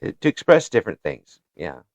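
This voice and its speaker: A man hosting a casual interview, warm and halting, repeating words as he builds his questions. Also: on the low side, big pitch swings, creaky, no echo, highs cut off. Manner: hesitant, repeats words while forming questions. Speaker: interview host.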